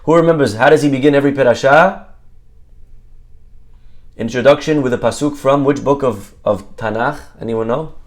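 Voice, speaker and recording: Rabbi quizzing his Torah class. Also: medium pitch. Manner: quizzes listeners and repeats key words, sprinkled with Hebrew terms. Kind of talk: lively Torah lesson to a live group.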